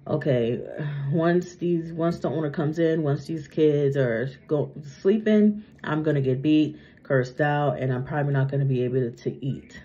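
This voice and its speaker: Weary resigned enslaved woman, as a woman puts her on, low voice, muffled lo-fi sound. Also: a little slow, warm tone. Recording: muffled lo-fi recording.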